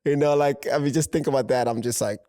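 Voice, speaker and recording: A man, a fashion house founder, telling a lively anecdote in a casual interview. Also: medium pitch, fast, no room sound. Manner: animated anecdote telling with fillers. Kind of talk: casual storytelling chat.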